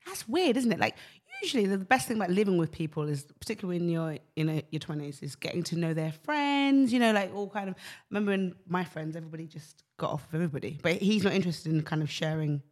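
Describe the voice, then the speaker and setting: A woman's voice: fairly low pitch, animated, a little mellow. A woman co-hosting a casual podcast, bubbly and full of questions. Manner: bubbly, questioning, quick to laugh. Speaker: podcast co-host. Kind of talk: casual chat.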